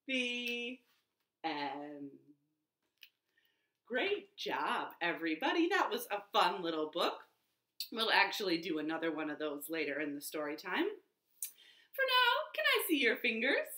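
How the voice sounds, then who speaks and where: A woman librarian reading picture books and rhymes to young children from her living room, in a slow sing-song way that coaxes them to join in. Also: mid-range voice, sing-song, sharp tone, roomy sound.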